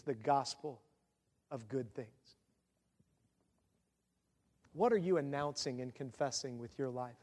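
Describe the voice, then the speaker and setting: A middle-aged male pastor delivers an earnest, confessional sermon. His voice sits high for a man. It rings with the long reverb of a hall.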